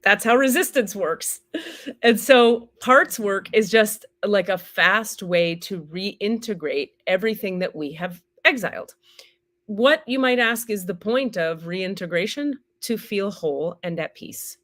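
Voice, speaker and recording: A woman with a mid-range, fairly bright voice speaks animatedly but a little slowly. She's a spiritual teacher and healer teaching on a live stream, candid and casual, swearing freely and acting out the inner voices she describes.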